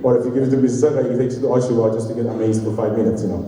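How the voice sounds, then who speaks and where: Hosting a company party in a big hall, a forties-aged emcee fires off rapid self-deprecating jokes between acts in a medium-pitched, fairly even, dark-toned voice. The recording is distant and roomy, with a faint hiss or hum.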